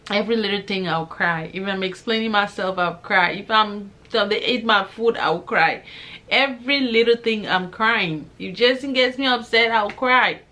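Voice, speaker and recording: A young woman vlogger telling a personal faith testimony in a lively, conversational way, acting out both sides of the conversations she recounts. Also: mid-range voice, moderate pace. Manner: religious, praises God while telling. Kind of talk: personal storytelling.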